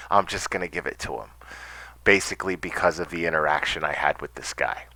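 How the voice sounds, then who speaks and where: A man's voice: extremely low pitch, normal speed, sharp tone, a little hiss or hum. A man telling a personal story casually, rambling with stammered restarts and swearing.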